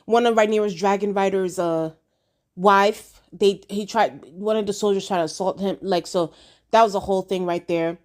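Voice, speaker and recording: A woman talks through a TV episode in a casual review vlog. She is blunt and slangy, swears freely, and speaks straight to her viewers. Her voice sits at a middle pitch. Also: moderate pace. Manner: outspoken, addresses viewers directly. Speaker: TV show reviewer.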